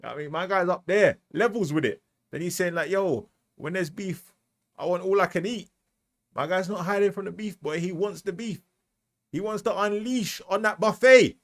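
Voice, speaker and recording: Slangy British man, gravelly tone. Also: sits high, normal speed. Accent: British English. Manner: animated, slangy, repeats "you know what I mean". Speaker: music reactor. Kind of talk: casual reaction commentary.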